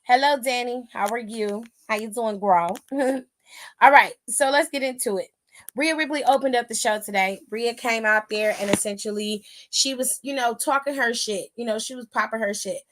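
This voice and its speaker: A woman's voice: on the high side, normal speed. A young woman hosting a casual live-streamed wrestling recap, talking bluntly and with plenty of cursing. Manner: blunt, profane, dismissive. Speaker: wrestling aftershow host.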